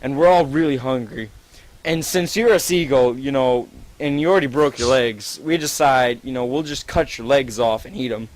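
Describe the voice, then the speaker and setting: A man with a voice of ordinary middle pitch tells a friend a made-up, gleefully disgusting tale. He rambles on, swearing freely and filling gaps with "like" as he invents the next turn. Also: moderate pace, poor audio. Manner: rambling, profane, gleefully gross, many "like"s. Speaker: storyteller among friends. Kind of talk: improvised absurd story to a friend.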